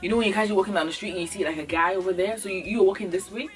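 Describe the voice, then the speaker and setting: A woman's voice: mid-range voice, rapid-fire. Young woman from ghana chatting to her camera, jokey vlog rant, voice jumping up and down, a bit of music under it. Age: young adult. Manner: animated, acts out little scenes with sudden jumps in voice. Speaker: beauty vlogger. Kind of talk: casual comedic vlog monologue. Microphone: camera mic.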